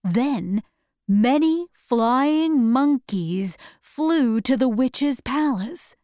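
A woman narrating a storybook chapter in clear, deliberate, simple phrasing. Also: high-pitched, animated, warm tone, dry recording, clean studio sound. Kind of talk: slow storybook read-aloud.

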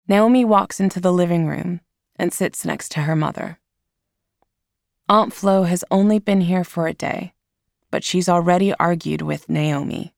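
Slow, gravelly woman reading a storybook. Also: lowish voice, darkish tone, no echo, studio quality. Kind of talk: scripted audiobook narration.

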